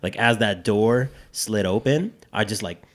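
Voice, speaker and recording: A man's voice: on the low side, unhurried. A man chatting casually as a podcast host, rambling and swearing freely with lots of restarts. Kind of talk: casual chat.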